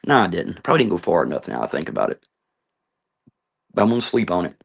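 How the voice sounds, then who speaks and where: Middle-aged man, gravelly low voice, angry confrontational vlog rant. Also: very animated, quick pace. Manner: heated, confrontational, swearing. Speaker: vlogger. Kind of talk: ranting monologue to camera.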